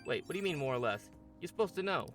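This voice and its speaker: A brash, rough-talking teenage boy drawls through his lines in a raised, lively voice, as a man reads him out for a game. He is loyal and cocky and talks in a slangy, put-on accent. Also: fairly high pitch, racing, faint music behind, voice pushed up. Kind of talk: game voice-over reading.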